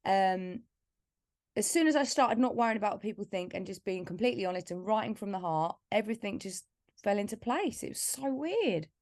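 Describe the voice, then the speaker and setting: A woman's voice: medium pitch, lively intonation, fairly quick, a little mellow, no room sound, clean studio sound. Candid English woman from Essex. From Essex, England. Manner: candid, heartfelt storytelling with filler "like". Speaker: singer-songwriter guest. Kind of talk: casual podcast interview.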